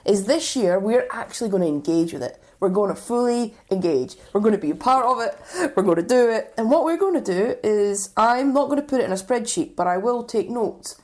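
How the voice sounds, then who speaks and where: A woman's voice: on the high side, expressive, a little fast, few pauses, darkish tone. A woman co-hosting a casual podcast, chatting and reading lists from her notes with frequent ums. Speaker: podcast co-host.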